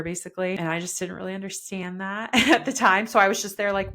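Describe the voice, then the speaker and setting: A young woman telling a personal story in casual chat, peppered with "like" and laughs, quoting herself and others in animated bursts. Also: medium pitch, brisk, hardly any pauses. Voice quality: chatty, peppered with "like", laughs often. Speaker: podcast guest telling her birth story.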